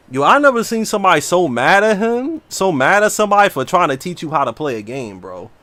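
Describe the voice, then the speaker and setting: A man's voice: on the high side, brisk, hardly any pauses, no room sound. A man chatting casually and brashly while streaming a game. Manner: brash, slangy, animated. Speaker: livestreamer. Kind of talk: casual gaming stream talk.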